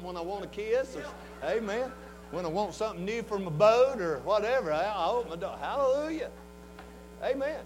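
A man in his sixties with a Southern US accent, preaching a fervent revival sermon in a folksy way that swings from hushed talk to shouting. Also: very high voice, low-quality recording. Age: 60s.

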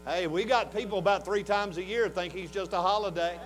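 A man in his sixties with a Southern US accent, preaching a fervent revival sermon in a folksy way that swings from hushed talk to shouting. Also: sits high, fairly quick, slight background noise, low-quality recording. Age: 60s.

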